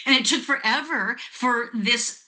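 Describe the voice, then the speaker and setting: A woman in her fifties, a network marketing guest, telling a lively story with laughs over a video call. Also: a little high, measured pace.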